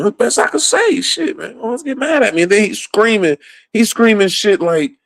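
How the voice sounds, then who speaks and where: A man's voice: on the high side, dry recording. A man ranting casually about politics, swearing a lot and laughing often between points. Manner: profane, rambling, laughs often.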